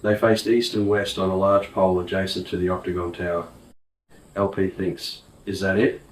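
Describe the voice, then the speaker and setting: A man narrates a story in a very deep, flat voice. He reads slowly and evenly, from a distance in an echoey room with a faint hiss behind. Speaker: audiobook narrator. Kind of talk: scripted narration.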